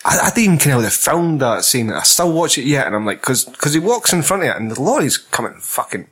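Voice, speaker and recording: A Scottish man with a slightly raspy voice, talking films with a friend. He is blunt, swears heavily and stumbles over repeated words. His pitch sits in the ordinary middle range. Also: sing-song, fast, fairly bright tone. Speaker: podcast co-host. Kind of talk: casual film chat.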